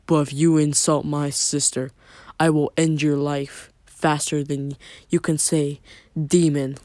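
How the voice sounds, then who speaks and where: A man's voice: a little high, little pitch movement, slow pace, darkish tone, no echo. A man doing a cold, menacing young man.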